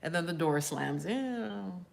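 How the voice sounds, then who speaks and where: Chatty woman coach, low voice. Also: animated, takes it slowly, vocal fry, darkish tone. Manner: rambling, chatty and candid, addresses viewers directly. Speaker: spiritual life coach. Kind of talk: casual live-stream chat reading viewer comments.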